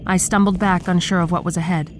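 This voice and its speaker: A woman narrating a horror story in a steady, measured storytelling manner. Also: lowish voice, soft background music. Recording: clear background noise.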